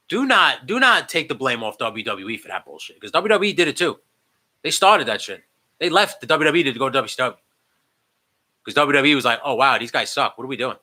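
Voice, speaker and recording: A man hosting a remote podcast, telling profane, animated comic stories. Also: on the high side, rough recording. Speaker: podcast host. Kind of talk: casual comedic chat.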